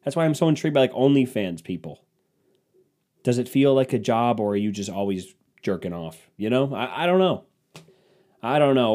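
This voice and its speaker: A man's voice: medium pitch, animated, normal speed, dark tone. Rambling, crude young comic man. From Cleveland, Ohio. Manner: rambling, self-mocking, crude. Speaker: podcast host. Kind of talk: comedic monologue.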